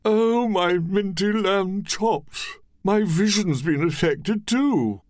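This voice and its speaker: A man voicing a sarcastic, food-obsessed basset hound dog. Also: slow, a little mellow, no echo, studio quality. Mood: exclaiming. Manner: exclaiming, sarcastic.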